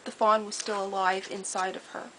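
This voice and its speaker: A woman telling a personal story in a casual, earnest way, detailed and steady, with small repeated restarts. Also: medium pitch, moderate pace, a little hiss or hum, rough recording. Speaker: storyteller sharing a personal memory.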